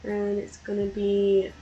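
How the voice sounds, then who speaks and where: A woman's voice: mid-range voice, dark tone, rough recording. Young woman streamer chatting while drawing. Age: young adult. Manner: chatty, self-deprecating, laughs often. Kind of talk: casual chat while drawing.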